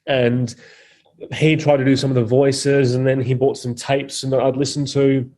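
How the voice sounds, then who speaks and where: A man talks bluntly in a relaxed, mellow voice, with plenty of swearing. His pitch sits in an ordinary middle range. He is a comedian guest holding forth in a casual podcast chat. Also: normal speed. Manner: blunt and opinionated, swears freely.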